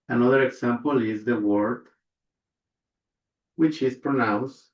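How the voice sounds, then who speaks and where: A man's voice: medium pitch, slow pace, pauses often. A man teaching a language pronunciation lesson, repeating each example word and checking in with his listeners. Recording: echoey room, dull lo-fi sound.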